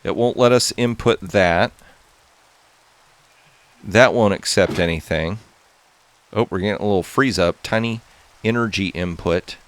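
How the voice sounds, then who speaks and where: A man hosting a gaming channel, giving excitable, casual commentary to viewers as he plays. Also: fairly low pitch, a little slow, pauses often. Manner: excitable, talks to viewers while playing.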